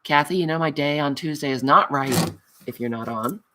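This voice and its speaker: Closing out her craft livestream, a woman speaks at a moderate pace in a low-pitched, sharp-toned voice over slight background noise. She reads viewer comments aloud and replies, teasing herself and calling everyone honey with warmth.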